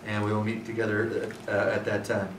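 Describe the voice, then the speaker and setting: A man's voice: on the low side, completely flat delivery, fairly quick. Male scripture teacher with a mid-range voice and a casual storytelling delivery, recorded from a distance in a roomy space with background noise. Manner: conversational storytelling with fillers. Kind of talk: scripture class lecture. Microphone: far from speaker. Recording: roomy, distant, noisy room.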